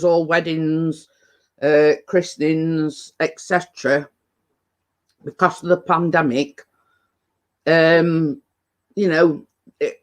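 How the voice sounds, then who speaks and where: A man's voice: fairly high pitch, fairly bright tone. A man with a British accent hosting a casual live-stream chat with viewers, rambling and hesitant, full of fillers and restarts, sometimes talking while eating. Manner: chatty, eats while talking.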